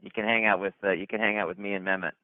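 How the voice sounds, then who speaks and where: A man hosting a company conference call, hyped and chatty, repeating himself and restarting sentences as he gives shout-outs. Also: lowish voice, steady tone, racing, no echo. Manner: hyped, repetitive, stumbling restarts. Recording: tinny dry phone line.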